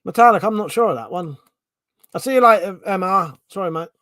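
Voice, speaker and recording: A man's voice: sits high, expressive, a little fast, pushed and bright, dry recording. Sweary Home Counties man live-streaming. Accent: Home Counties English. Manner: swears freely, reads out chat questions, thinks aloud. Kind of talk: casual live-stream chat.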